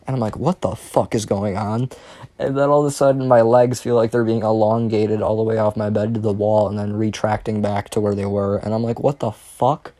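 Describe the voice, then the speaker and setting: A young man with a fairly low voice tells a rambling, profane story straight to camera, often stopping and restarting his sentences. The sound is close and dry, with almost no room echo. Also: level tone, fast, few pauses, warm tone. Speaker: storyteller vlogger. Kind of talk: casual storytime monologue.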